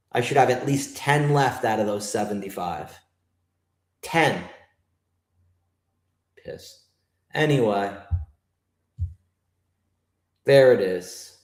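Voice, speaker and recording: A New York man with a lowish voice hosts a live trading stream in a roomy-sounding space. He gripes and swears while talking to his chat.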